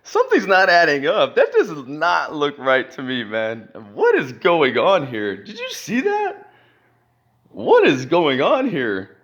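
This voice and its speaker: A man's voice: a little high, sing-song, slow, fairly bright tone. A man giving reaction commentary on video footage, incredulous and repeating rhetorical questions with lots of fillers.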